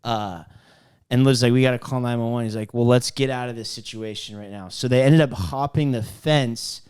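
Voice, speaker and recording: A man's voice: mid-range voice, normal speed, darkish tone, smooth. A man co-hosting a podcast, telling a long story in a casual, rambling way with many fillers and restarts. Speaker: podcast co-host.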